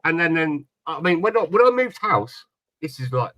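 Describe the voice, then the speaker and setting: A man's voice: on the high side, very animated, normal speed, sharp tone, no room sound, low-quality recording. A man telling a long story in casual chat on a panel, rambling and repeating his words. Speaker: panel guest.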